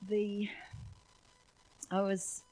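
Husky New woman telling stories. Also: mid-range voice, extremely slow, poor audio. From New Zealand. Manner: animated storyteller, laughs often, acts out voices. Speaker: church speaker. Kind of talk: sermon with personal storytelling.

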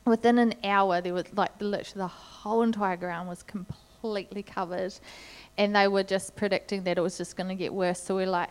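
A middle-aged woman delivers a sermon to her congregation. She talks in a relaxed, conversational way, telling stories as she goes, and her voice sounds smooth and clear. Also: medium pitch, a little fast. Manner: conversational storytelling with light laughs. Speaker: preacher.

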